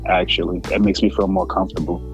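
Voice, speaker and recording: A man who raps, answering interview questions in a calm, measured way. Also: sits low, gravelly, low-quality recording. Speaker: rapper guest. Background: music playing.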